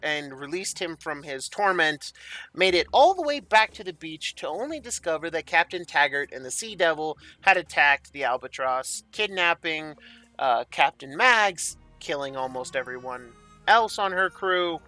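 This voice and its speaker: A man's voice: on the high side, expressive, moderate pace, bright, forceful tone, dry recording, faint music behind. A man running a tabletop game as game master, enthusiastic and rambling as he introduces the players.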